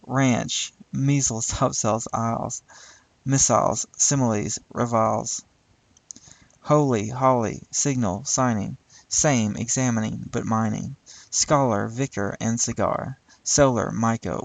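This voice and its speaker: A man reading a poem aloud slowly and deliberately, now and then stumbling and laughing at tricky words. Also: medium pitch, creaky, no echo, low-quality recording. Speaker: reader.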